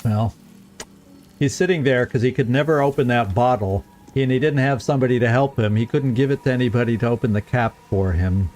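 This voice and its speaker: A man's voice: medium pitch, a little fast, a little mellow, soft background music. A middle-aged man giving chatty, rambling commentary while playing a game, chuckling often. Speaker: let's play host. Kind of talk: casual gameplay commentary.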